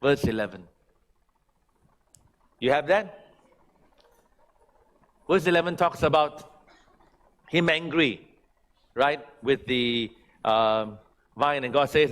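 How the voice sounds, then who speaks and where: A male pastor preaching a sermon, swinging from loud, high emphatic lines to quiet, pleading ones. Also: slow, long pauses. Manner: preaching with big swings from shouting to hushed pleading. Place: church sanctuary.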